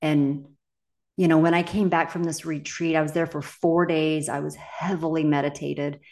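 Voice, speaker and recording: Woman with a low voice, middle-aged, candid podcast coach, casual and emphatic. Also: little pitch movement, normal speed, a little mellow. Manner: candid and emphatic, swears freely. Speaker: confidence coach and podcast host. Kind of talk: casual solo podcast talk.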